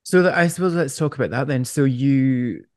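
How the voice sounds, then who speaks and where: A man's voice: mid-range voice, normal speed, a little mellow, dry recording, studio quality. A man hosting an interview, asking long rambling questions with lots of restarts. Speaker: podcast host, vet. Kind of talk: casual interview chat.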